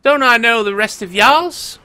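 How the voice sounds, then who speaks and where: A man's voice: high-pitched, wildly swooping pitch, takes it slowly, pushed and bright, pitched above the performer's own voice, heavily acted. A man doing a swaggering pirate captain with a drawl. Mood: showy. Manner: fumbles his own drawl, says y'all's.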